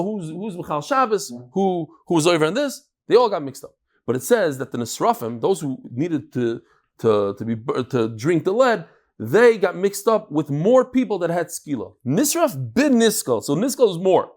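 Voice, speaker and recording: A male rabbi, his voice sitting high, leads a daily Talmud lecture by thinking aloud. He acts out the exchanges and mixes Hebrew and Aramaic terms into English.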